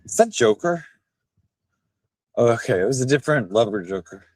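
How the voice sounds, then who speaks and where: A man's voice: medium pitch, very animated, moderate pace, no echo. A tipsy man live streaming while walking outdoors, rambling and bantering rowdily with his chat on a handheld phone. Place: outdoors on town streets.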